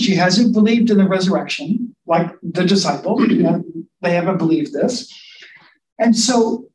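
High-voiced man preaching in a roomy hall. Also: a little mellow, distant mic, slight background noise. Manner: conversational, asks listeners to imagine scenes. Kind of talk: sermon. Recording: roomy sound from off mic with faint ambience.

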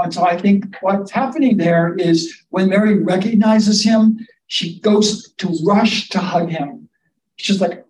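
A man with a high voice preaches a sermon, talking it through conversationally and inviting listeners to imagine themselves in the scene. He stands off the mic, so the sound is roomy and a little distant, with faint ambience behind him. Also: measured pace, a little mellow.

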